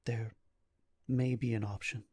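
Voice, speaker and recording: A man narrating as game master of a tabletop game, halting and full of fillers. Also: mid-range voice, little pitch movement, darkish tone, slightly rough. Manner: halting, with many fillers and restarts.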